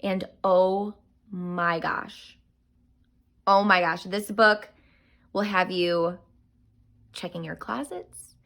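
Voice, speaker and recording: Bright, gushing young woman reviewer. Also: mid-range voice. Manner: gushing, enthusiastic, exclamatory. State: out of breath. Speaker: book reviewer. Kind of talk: casual book review.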